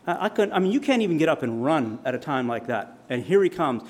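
A man's voice: fairly high pitch, big pitch swings, quick pace. Man telling a sermon story. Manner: vivid storyteller, dramatic shouts in quotes. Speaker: preacher.

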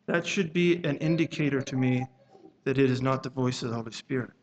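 Background noise sits under this medium-pitched male preacher, who speaks slowly and haltingly at a church service and reads old-fashioned scripture passages aloud as part of his sermon.

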